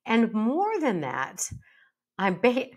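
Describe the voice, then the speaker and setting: A middle-aged woman hosting a solo podcast, speaking emphatically with a playful, animated delivery. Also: fairly high pitch, slow pace, husky. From United States. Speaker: podcast host and bariatric psychologist.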